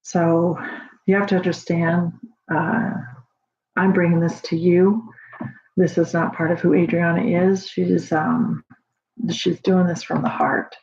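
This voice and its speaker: A mother in casual home video talk, rambling warmly with many fillers and restarts, proud of her daughter. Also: lowish voice, little pitch movement, slow. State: emotional, near tears at times. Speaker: proud mother sharing a story. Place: home at night. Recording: dull lo-fi home recording.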